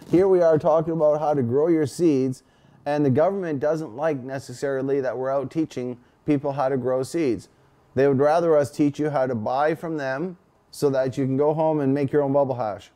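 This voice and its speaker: A man's voice: mid-range voice, fairly even intonation, normal speed, warm tone. A man in his forties with a Canadian accent, hosting a casual, profane, rambling livestream chat. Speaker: host.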